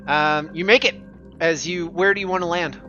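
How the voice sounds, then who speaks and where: A man's voice: on the high side, steady tone, normal speed, bright, forceful tone, dull audio, soft background music. A man running a tabletop game as game master, casual and chatty, with frequent fillers. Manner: casual, laughs often, many fillers.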